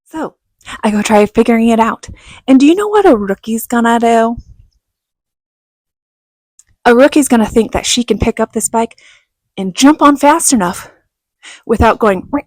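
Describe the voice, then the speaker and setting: A middle-aged woman telling a personal story in a casual vlog, animated and laughing, acting out what others said. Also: on the high side, normal speed, pauses often, no room sound. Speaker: vlogger.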